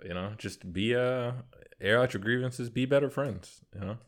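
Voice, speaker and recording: A man's voice: mid-range voice, moderate pace. A man co-hosting a podcast, making wry jokes in casual chat. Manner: wry, joking. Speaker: podcast co-host.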